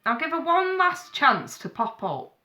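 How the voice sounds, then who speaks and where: A woman's voice: high-pitched, wildly swooping pitch, measured pace, bright, forceful tone. A woman giving a live-streamed tarot reading, chatty and frank, calling viewers darling and sweetheart. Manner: blunt, frank advice with swearing. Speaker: tarot reader.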